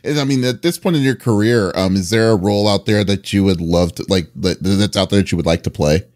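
Young male host, low voice, dry close recording, easygoing and chuckly. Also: fast, a little mellow, dry recording. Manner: friendly, laughs often, hesitant. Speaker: interviewer host. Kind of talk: casual interview chat.

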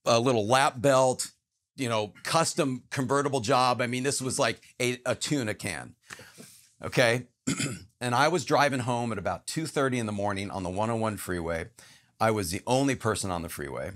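A man's voice: mid-range voice, moderate pace, fairly bright tone. A man, a guest actor, telling an earnest personal story in casual conversation, emphatic and acting out the voices in it. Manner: earnest, emphatic, acts out quotes in his story.

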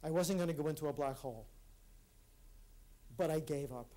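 A man's voice: on the high side, mellow. Earnest man giving a reflective talk. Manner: earnest, with halting restarts. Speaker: speaker at a conference. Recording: live talk in a hall.

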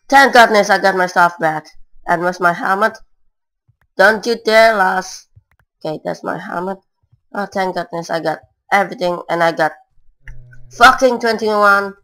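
A woman's voice: medium pitch, measured pace, pauses often, a bit bright, low-quality recording. Woman rambling through gameplay commentary. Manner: rambling, broken non-native English, with filler words. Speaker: gamer.

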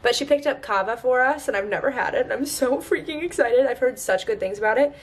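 A woman's voice: fairly high pitch, quick pace. A young woman chatting in a casual vlog, bubbly and giggly, talking to a handheld camera. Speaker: vlogger. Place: car and outdoors by the beach.

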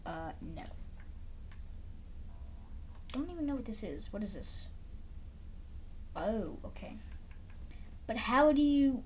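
Lively woman narrating her gameplay. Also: a little high, a little slow, long pauses, slight background noise. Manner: chatty, talks to herself, repeats phrases. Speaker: gameplay video creator. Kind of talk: casual gameplay commentary.

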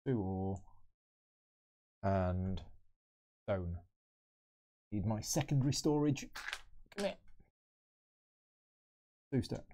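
A man with a mellow, medium-pitched voice hosts a live solo board game playthrough for his channel, chatting and thinking out loud as he moves the pieces.

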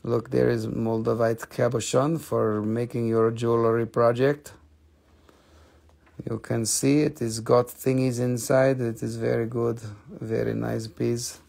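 A man hosting a live sales stream, joking and chatting with viewers as he pitches each item. His voice is gravelly and his delivery slow and unhurried, at a mid pitch. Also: flat delivery, darkish tone. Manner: jokey, chatty, coaxes viewers to comment. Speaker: host selling minerals on a live stream.

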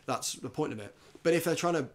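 A man hosting a podcast in casual chat, animated, often restarting and mimicking actors. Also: fairly high pitch, fast talker. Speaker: podcast host.

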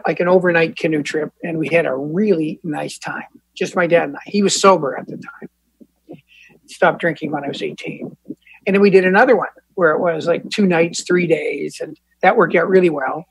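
Sharing his recovery story at an Al-Anon support group, this Canadian man is casual, candid, and self-deprecating, often restarting and using fillers. His slightly high voice has a gravelly, somewhat rough edge. There's no echo, but the recording is rough.

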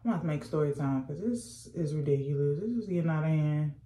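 A woman's voice: sits low, lively intonation, fast, dark tone, roomy sound. A young woman, telling a sassy, slangy storytime while doing her makeup at home. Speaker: vlogger. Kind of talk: casual storytime chat.

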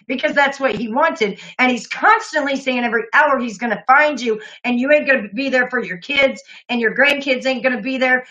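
A woman's voice: on the high side, moderate pace, hardly any pauses, sharp tone, dull audio. A woman hosting a call-in livestream, talking bluntly with angry outbursts and lots of swearing. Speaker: livestream host taking calls.

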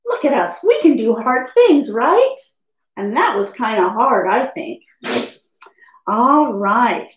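Sing-song woman teacher, talking slowly to children. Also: a little high, sing-song, reverberant, low-quality recording. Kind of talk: children's lesson video.

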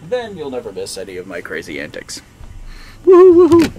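A man's voice: low-pitched, huge pitch swings, quick pace, noisy background. A man streaming a video game, chatting casually, thinking aloud and laughing often. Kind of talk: casual live-stream chat while playing.

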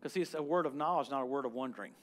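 A man preaching as guest minister at a church service, in an animated charismatic sermon that moves from loud exclamations to quiet prayer. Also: medium pitch, racing, soft background music.

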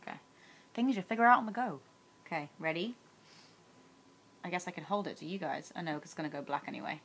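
A woman's voice: on the low side, quick pace, fairly bright tone, husky. A young woman chatting casually on her daily challenge vlog, teasing her husband and giggling a lot. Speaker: vlogger.

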